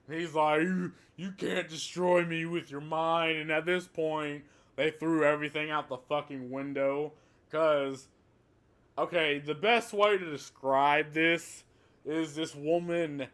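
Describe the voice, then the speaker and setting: A man's voice: on the high side, fairly bright tone, clear, resonant tone. A man giving a casual, rambling movie review, swearing often and laughing at the plot.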